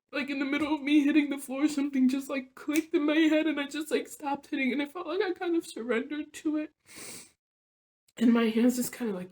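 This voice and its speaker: Rambling woman with a mellow voice. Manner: rambling, heavy use of "like" and "you know"; emotional and confessional, often dropping soft and low. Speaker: vlogger. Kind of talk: personal storytelling vlog.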